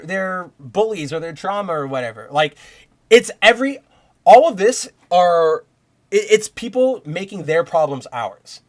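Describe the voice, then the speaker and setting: A man's voice: high-pitched, a bit bright. A young man hosting a podcast, talking in rambling casual commentary with many restarts and heated bursts of profanity. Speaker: podcast host.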